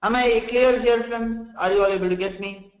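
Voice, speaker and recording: A high-voiced man leads a live software training session, walking through things step by step at a moderate pace and in a steady tone. He often says "okay" and "friends" and restarts his sentences, and the audio is poor and roomy.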